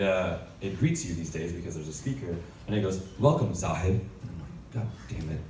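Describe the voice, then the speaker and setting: A man performing a stand-up comedy set, telling stories with sudden shouted punchlines and plenty of swearing. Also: low voice, reverberant, far from the mic, background noise. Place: comedy club stage.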